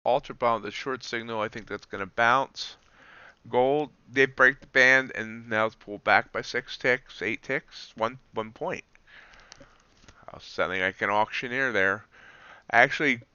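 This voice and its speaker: A man's voice: mid-range voice, bright, forceful tone, clean tone, no echo, highs cut off. A man live-streaming his trades, chatting casually and joking at his own slips as he explains the charts. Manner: chatty, self-deprecating, explains trades while watching charts.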